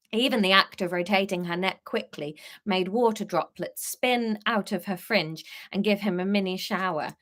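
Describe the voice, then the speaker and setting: A woman's voice: on the low side, a bit bright. A woman reading her own story aloud on a live stream, breaking off to laugh and chat with viewers between passages. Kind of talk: live book reading with chatty asides to viewers.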